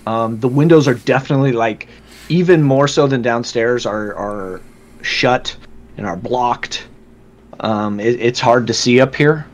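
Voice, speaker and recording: A man narrating as game master, halting and full of fillers. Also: mid-range voice. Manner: hesitant, halting with many fillers. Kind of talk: narrating and voicing a tabletop game.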